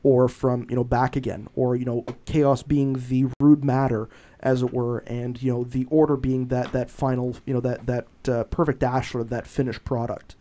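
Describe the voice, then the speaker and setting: A man hosts a podcast and puts his ideas to his guest in halting speech, full of fillers and restarts. His voice is mellow and warm at a middle pitch. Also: little pitch movement. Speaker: podcast host. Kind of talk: casual podcast conversation.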